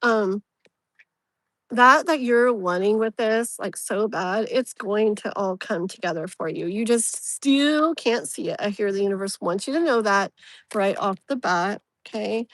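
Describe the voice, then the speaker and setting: A woman's voice: mid-range voice, measured pace, a bit bright, dry recording. A woman hosting a live tarot reading, chatting casually and leaning on "like" and "you know", with a soothing tone toward the viewer.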